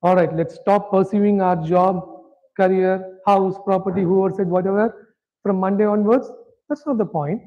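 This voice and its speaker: A man's voice: high-pitched, fairly even intonation, moderate pace, highs cut off. A man teaching a scripture class, talking conversationally and often checking that his audience is following. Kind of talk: interactive lecture.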